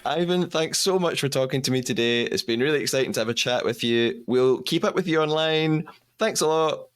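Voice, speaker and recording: A man hosts a podcast in a relaxed, conversational way. He is friendly and chatty and laughs easily with his guest. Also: medium pitch, a little fast, clear, resonant tone. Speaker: podcast host. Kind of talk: casual interview chat.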